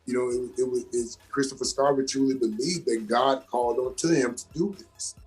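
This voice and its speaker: Man, husky voice, mid pitch, animated storyteller, faint music behind. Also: normal speed. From Georgia, US. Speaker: actor and comedian guest. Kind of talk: casual interview storytelling.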